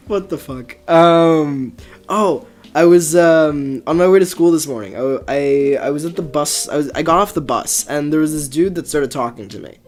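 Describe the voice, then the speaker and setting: A man's voice: a little high, normal speed, soft background music. Rambling young man hosting a podcast. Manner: rambling, full of fillers and restarts, laughs often. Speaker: podcast host. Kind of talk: casual rambling storytelling.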